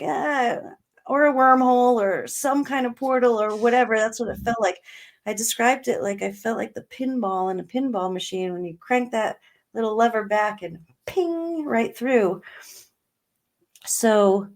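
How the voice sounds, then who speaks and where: A middle-aged woman, a guest in an interview, telling a personal story in earnest, slowing down on emotional words and laughing now and then. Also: medium pitch. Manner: earnest, slows right down on emotional words, laughs between lines.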